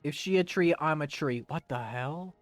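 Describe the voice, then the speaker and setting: A man's voice: a little high, moderate pace, no room sound, faint music behind. A young man chatting loosely while playing a video game on stream, joking and rambling. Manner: rambling and jokey, breaking into silly voices. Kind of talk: casual let's-play commentary.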